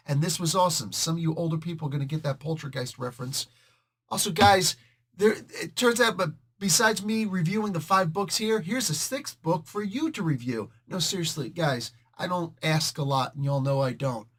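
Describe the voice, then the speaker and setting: A man hosting a casual comic book review video, joking and animated and talking straight to his viewers. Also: fairly high pitch.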